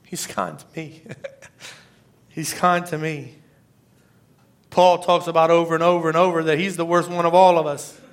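A man's voice: on the high side, level tone, moderate pace, pauses often. A middle-aged man preaching an earnest, emotional sermon with scripture readings. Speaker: pastor.

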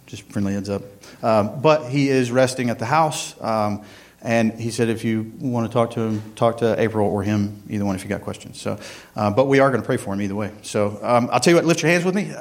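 A man's voice: on the low side, fairly quick. A man, a church worship director giving a casual, rambling sermon with prayer and a joke, full of ums and uhs. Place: church sanctuary.

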